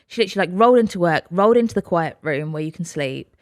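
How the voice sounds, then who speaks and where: Brief: woman, 30s, podcast guest, lively storyteller who acts out quotes, dry close mic. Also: on the low side, fast, dry recording. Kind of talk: casual chat.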